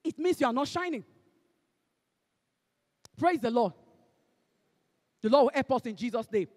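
A woman with a Nigerian accent preaching a sermon, emphatic and fervent, swinging between shouted exhortation and hushed asides, slipping into Pidgin phrases. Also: high-pitched, animated, normal speed, pauses often, in a large hall.

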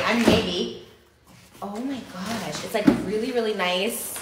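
A woman's voice: medium pitch, slow, pauses often. Gushing, gasping woman unboxing a package. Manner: gasping, gushing, squealing with excitement. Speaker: vlogger. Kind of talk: excited unboxing vlog. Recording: echoey room, faint noise.

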